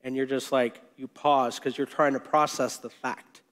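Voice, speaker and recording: A man's voice: mid-range voice, moderate pace. A man preaching a sermon in a loose, conversational way, joking with the congregation and acting out the people in the story. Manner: animated and conversational, with jokes and acted-out quotes. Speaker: pastor.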